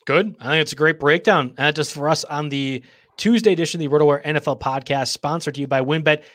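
A man hosts a sports podcast, keeping the casual chat moving with an upbeat lead. His voice runs somewhat high, and the sound is close and dry. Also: fast, a bit bright, no echo. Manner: upbeat, steers the talk and signs off. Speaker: podcast host.

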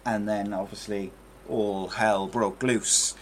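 A man's voice: on the low side, fairly even intonation, slow, slight background noise. A man hosting a casual football podcast, talking in a loose, rambling way with lots of fillers. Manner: chatty, rambling, many fillers. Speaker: podcast host. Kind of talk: casual chat.

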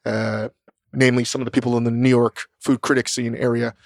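Gravelly-voiced blunt man chatting. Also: mid-range voice, little pitch movement, fairly quick, no room sound, studio quality. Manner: blunt, profane, emphatic. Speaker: podcast co-host, chef. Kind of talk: casual chat.

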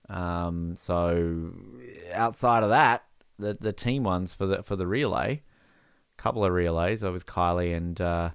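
Excitable man doing jokey match commentary. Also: low-pitched, clean tone, no room sound, clean studio sound. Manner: jokey, bursts into excited shouting at big moments. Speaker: podcast co-host. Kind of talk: casual live watch-along commentary.

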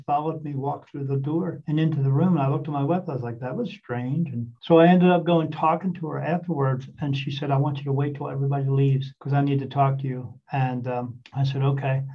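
A man in his fifties from New Jersey, telling a long personal story in a rambling, earnest way with many restarts. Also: medium pitch. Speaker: guest. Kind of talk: casual storytelling. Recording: distant, dull lo-fi sound.

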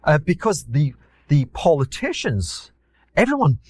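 This Glasgow-born podcast guest, once a hedge fund manager, spins lively stories in a mid-range voice at a normal speed. There's no echo on the recording. His delivery is theatrical and self-mocking, with quotes performed rather than simply recited.

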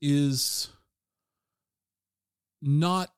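A man's voice: a little high, steady tone, drawn-out words, clean tone, no room sound, studio quality. A man interviewing a guest, curious and joking, restarting his questions as he goes.

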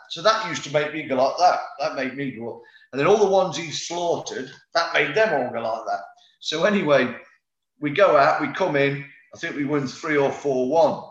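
A man's voice: mid-range voice, a little fast, fairly bright tone. A middle-aged man, a former footballer telling rambling anecdotes in a casual interview, full of fillers and restarts. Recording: roomy, slightly dull sound.

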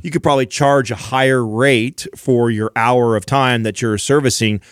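A man co-hosting a podcast, pitching ideas and trading playful banter in casual chat. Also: steady tone, normal speed, no echo, clean studio sound.

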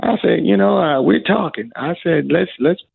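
A man's voice: high voice, lively intonation, moderate pace, gravelly, slightly rough. A man in an interview, telling a story animatedly and acting out the quoted dialogue. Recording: phone-like narrow band with faint music.

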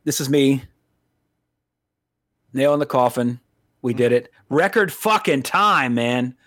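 A man's voice: mid-range voice, takes it slowly, a bit bright, dry recording, studio quality. A man co-hosting a casual film review podcast. He rambles, often breaks off mid-sentence and swears freely. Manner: rambling, profane, self-interrupting. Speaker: podcast co-host reviewing films.

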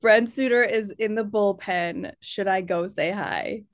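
A woman's voice: mid-range voice, unhurried. A woman co-hosting a fan podcast in upbeat, chatty conversation, laughing often. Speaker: podcast co-host. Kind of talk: casual chat.

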